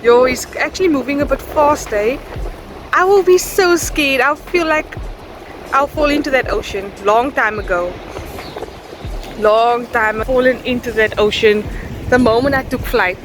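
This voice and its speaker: A woman's voice: high-pitched, a little slow, low-quality recording. A young South African woman in her twenties talking candidly to camera in a casual vlog, swearing and laughing often. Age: 20s. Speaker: vlogger. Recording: music playing underneath.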